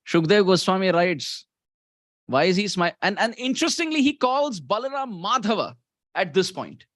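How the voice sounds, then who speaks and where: Indian male preacher, lively storytelling sermon, slightly high voice, dry close sound. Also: dry recording. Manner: animated, often laughing mid-sentence.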